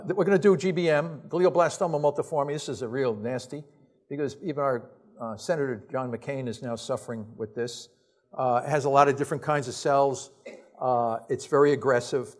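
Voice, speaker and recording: Male professor lecturing a hall; higher-pitched, blunt and exasperated, punchy rhetorical questions, loose unscripted delivery. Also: darkish tone. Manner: casual, off-the-cuff phrasing with restarts. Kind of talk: science lecture to an audience.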